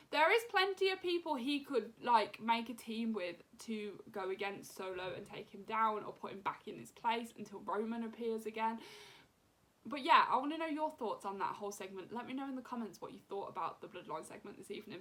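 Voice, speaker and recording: A young woman giving an excited, casual recap as a show reviewer, with lots of fillers and acted-out quotes. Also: on the high side. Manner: animated, many fillers, acts out wrestlers' lines.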